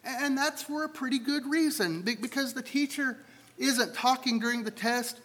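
A man's voice: very high voice, normal speed, a bit bright. A man preaching a sermon to a congregation in a conversational way, often repeating words as he thinks aloud. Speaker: pastor. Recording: long hall reverb.

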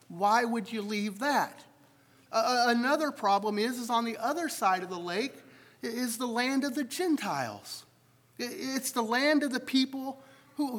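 High-voiced man preaching in a reverberant hall. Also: a bit bright. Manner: conversational, poses rhetorical questions to listeners. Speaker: pastor. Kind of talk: sermon.

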